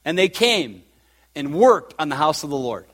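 A man preaching a sermon, swinging from loud, fervent peaks to a soft, emotional hush. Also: a little high, very animated, moderate pace. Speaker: pastor.

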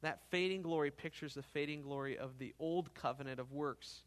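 Earnest preacher man with a higher voice. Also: moderate pace. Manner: earnest, swells louder on key phrases, frequent "okay?" check-ins. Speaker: pastor. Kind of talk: expository sermon.

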